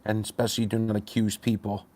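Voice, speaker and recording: A man's voice: on the low side, level tone, quick pace, a little mellow. A man livestreaming to his chat, ranting bluntly and confrontationally, with sarcastic jabs at viewers.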